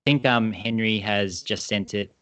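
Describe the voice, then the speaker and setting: Australian man, low voice, eager rambling explanations, video call interview. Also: fairly even intonation, measured pace, a bit bright, lo-fi sound. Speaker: badminton brand co-founder. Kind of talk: casual interview talk.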